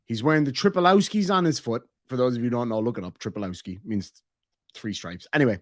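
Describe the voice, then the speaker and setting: Talking fast in a medium-pitched voice, an Irish streamer jokes his way through reading chat and member messages. His casual reaction-stream banter is crude and rambling, and the audio is clean studio sound with no echo.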